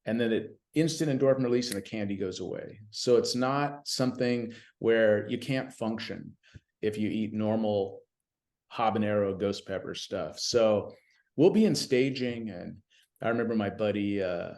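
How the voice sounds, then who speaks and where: A man telling stories as a guest in a casual podcast conversation, animated and chatty, often saying "you know what I mean.". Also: on the low side, normal speed. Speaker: podcast guest, BMX announcer.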